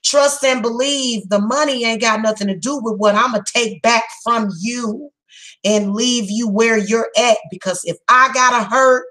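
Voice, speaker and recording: A woman giving a psychic reading, speaking bluntly and emphatically, heated and repetitive, slowing down to stress her words. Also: on the high side, sharp tone, low-quality recording. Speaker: psychic reader. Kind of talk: tarot reading monologue.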